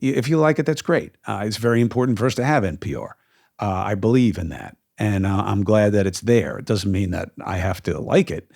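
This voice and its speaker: Low-voiced man hosting a podcast. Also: a little fast, vocal fry, a little mellow. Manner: emphatic, frequent fillers. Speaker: podcast host. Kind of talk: opinionated casual talk.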